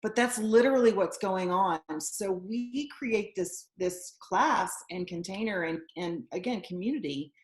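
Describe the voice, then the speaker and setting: A woman's voice: medium pitch, unhurried, few pauses. A woman guest who runs a yoga studio, explaining things earnestly in a casual interview. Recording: echoey room.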